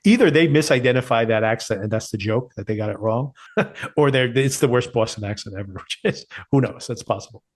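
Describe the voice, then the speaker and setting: A man's voice: medium pitch, a little fast. A man co-hosting a podcast, chatting casually about a TV series and laughing at his own points. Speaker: podcast co-host. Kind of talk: casual TV review chat.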